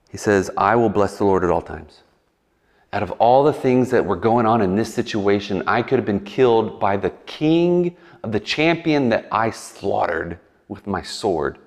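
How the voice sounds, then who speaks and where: A man with a lowish voice preaches in a loose, chatty way, slipping into little acted voices to make his point. His words ring out with a long reverb from a large hall. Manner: conversational, acts out quick voices, animated asides. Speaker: pastor. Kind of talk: casual sermon.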